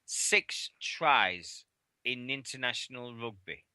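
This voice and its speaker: A man co-hosting a sports radio show, chatting casually and ranting loudly and swearing when worked up. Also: mid-range voice, animated, slow pace, smooth, dry recording. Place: radio studio.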